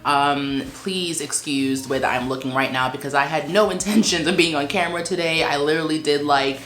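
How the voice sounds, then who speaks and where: Low-voiced chatty woman vlogger. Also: a bit bright. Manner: chatty, anxious, exclamatory. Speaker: vlogger and small shop owner. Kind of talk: casual vlog talk. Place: Brooklyn, New York.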